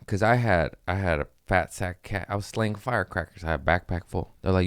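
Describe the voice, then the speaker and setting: A young man telling a wild story in casual podcast chat, swearing freely and jumping into high voices when he quotes people. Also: a little fast, clean tone, no room sound, studio quality. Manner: animated, acts out quotes with sudden pitch jumps, swears freely.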